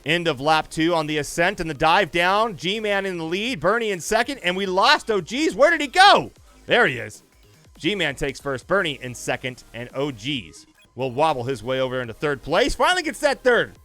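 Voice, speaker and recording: A man giving energetic live play-by-play of a simulated drone race and chatting with viewers. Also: a little high, normal speed, no echo, faint music behind. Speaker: esports race commentator.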